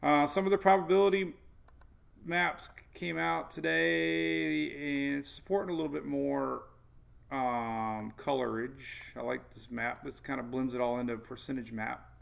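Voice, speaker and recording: A man's voice: mid-range voice, steady tone, measured pace, gravelly, a bit bright. A man hosting a casual weather livestream, rambling through forecast maps, chuckling and answering viewers' chat. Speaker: weather show host.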